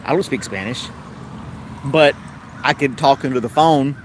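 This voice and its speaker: A man's voice: mid-range voice, measured pace, slight background noise. A man with a Tennessee accent hosting a casual livestream chat, rambling along in an easygoing way. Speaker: host.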